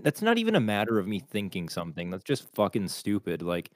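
Blunt deep-voiced man, dry sound. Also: huge pitch swings, brisk, dry recording. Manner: blunt, swears a lot, argumentative. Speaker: podcast co-host. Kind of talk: casual crude podcast banter.

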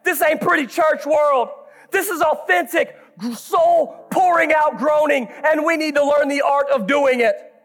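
A pastor preaching a sermon with passion, swinging from hushed, confiding moments to shouting, and talking straight to his congregation in a folksy way. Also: very high-pitched, a little slow.

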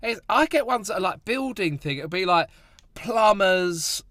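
A man co-hosting a casual podcast, easygoing and quick to laugh. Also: high-pitched, expressive, bright, forceful tone, dry recording, studio quality. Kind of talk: casual chat.

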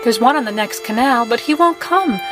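A squeaky young girl who plays frightened and innocent while hiding a killer's calm, as a woman reader puts her on. Her voice jumps very high and comes out breathless in a dramatic storybook reading. A violin plays clearly underneath. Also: moderate pace, over music, close to an everyday voice. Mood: coy.

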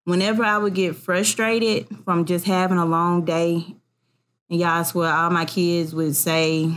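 A woman in casual chat as a podcast co-host, telling animated family stories. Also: on the low side, measured pace. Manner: animated storyteller, acts out family voices.

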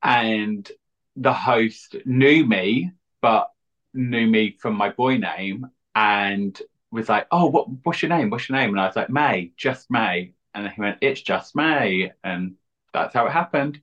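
A man, a drag queen chatting as an interview guest, cheeky and deadpan. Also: on the low side, unhurried. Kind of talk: casual interview chat. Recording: dull lo-fi audio.

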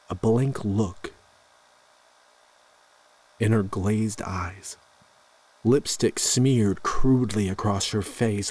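A man narrating a scripted horror story in a slow, measured way. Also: fairly low pitch, a little mellow, slightly rough, rough recording.

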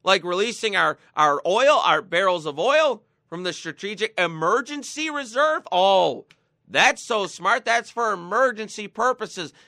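A man's voice: high-pitched, expressive, measured pace, vocal fry, bright, forceful tone, no echo, studio quality. A man hosting a political talk show, ranting sarcastically and mocking his targets. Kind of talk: political commentary.

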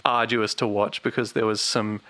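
A man talking casually on a podcast, his voice bright and crisp against a dry, close sound. He rambles a little, stopping and restarting his thoughts as he gives his opinion. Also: on the low side, flat delivery, moderate pace, no echo. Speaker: podcast co-host. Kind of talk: casual chat.

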